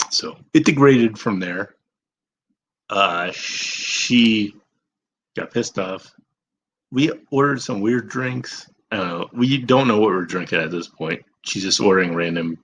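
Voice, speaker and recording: A man's voice: on the low side, a bit bright, slight background noise, poor audio. A young man telling a personal story in a rambling, self-deprecating way, swearing freely. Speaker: vlogger. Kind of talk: casual storytelling.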